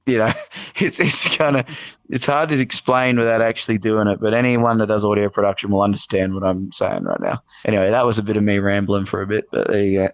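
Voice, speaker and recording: A man's voice: lowish voice, steady tone, fairly quick, no echo. An Australian man telling stories as a podcast guest in a casual, rambling way, full of fillers and restarts. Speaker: guest musician. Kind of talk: casual podcast interview storytelling.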